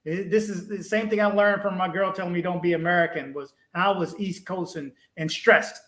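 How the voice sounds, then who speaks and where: A man's voice: high voice, moderate pace, echoey room, poor audio. A man from the Washington DC area hosting a casual live stream, telling stories animatedly and acting out past conversations. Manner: animated storytelling, acting out his own past exchanges. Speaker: livestream host.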